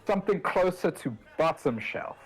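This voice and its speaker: A man's voice: a little high, lively intonation, normal speed, husky. A man taking part as a player in a tabletop game, speaking hesitantly and stammering. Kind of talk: tabletop role-play.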